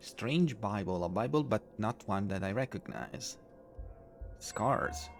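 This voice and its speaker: A man streaming a video game, talking casually in a halting way with many restarts. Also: lowish voice, animated. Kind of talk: casual gameplay commentary. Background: faint game music.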